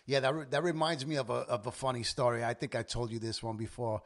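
A New man in his forties hosts a laid-back podcast chat. He tells stories in a lively, animated way and swears freely along the way. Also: mid-range voice, fast. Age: 40s. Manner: swears often, animated storyteller. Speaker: podcast host. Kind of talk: casual chat.

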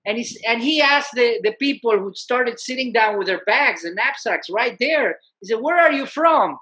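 A man, a musician and peace activist, telling a story as a guest in an animated, conversational way, often saying "you know". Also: very high voice, moderate pace.

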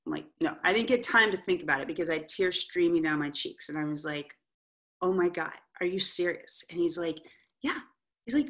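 Candid, lively middle-aged woman speaker. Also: lowish voice, fairly quick. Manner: candid, animated storytelling with frequent "right?" asides. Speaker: author and coach, guest speaker. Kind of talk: motivational talk to an audience.

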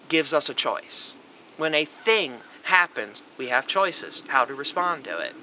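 A man's voice: a little high, expressive, measured pace, pushed and bright, faint music behind, low-quality recording. A young man delivering an emphatic, lecturing monologue on a vlog, swearing freely as he argues his point. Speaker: vlogger. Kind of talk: opinionated monologue.

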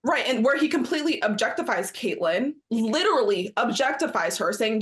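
A woman's voice: a little high, sing-song, a little fast. A woman co-hosting a sports talk show, arguing her point emphatically and acting out quotes in mocking voices. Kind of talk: studio discussion.

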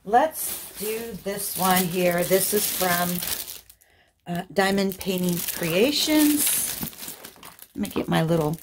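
A woman crafting vlogger chatting casually through an unboxing, gushing with excited exclamations. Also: fairly low pitch, slow, noisy background.

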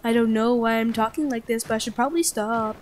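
Playful young woman, higher voice, gaming chatter. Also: quick pace, a little hiss or hum. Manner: jokey, talks to herself, bursts into loud outbursts. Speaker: gaming streamer. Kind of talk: casual gameplay commentary. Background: game music.

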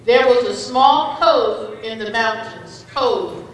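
A woman reading spelling words, definitions and example sentences to children at a school spelling bee, speaking deliberately and kindly over a microphone. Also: fairly high pitch, slight background noise. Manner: slow, deliberate word reading, kind to children. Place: school event hall. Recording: echoey hall from far off.

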